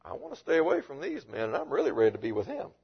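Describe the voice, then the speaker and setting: A man preaching a sermon as a pastor, with animated delivery and frequent rhetorical questions. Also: a little high, very fast, gravelly, breathy edge, lo-fi sound.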